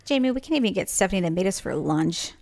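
A woman's voice: medium pitch, animated, quick pace, vocal fry, darkish tone. A woman co-hosting a casual chat, easygoing and teasing, often laughing. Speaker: podcast co-host.

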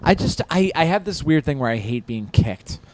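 A man co-hosting a casual comedy podcast with a deadpan, dry humor. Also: a little high, moderate pace, no room sound. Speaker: podcast co-host.

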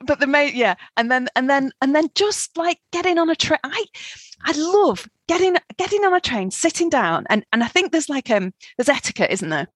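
A middle-aged woman from England, co-hosting a podcast and telling travel stories in an animated, chatty way. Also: high-pitched, normal speed, dry recording. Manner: animated, laughing, acts out quoted voices. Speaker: podcast co-host. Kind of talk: casual chat, storytelling.

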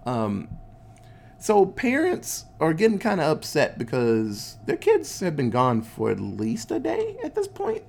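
A man's voice: on the high side, huge pitch swings, unhurried, creaky, darkish tone. A man casually recapping a movie, laid-back and swearing a lot, acting out the characters' lines in goofy voices. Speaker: podcast host recapping a movie.

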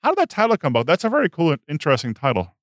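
A man hosting a podcast interview, asking questions in quick, conversational chat. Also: a little high, wildly swooping pitch, no echo, clean studio sound. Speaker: podcast host.

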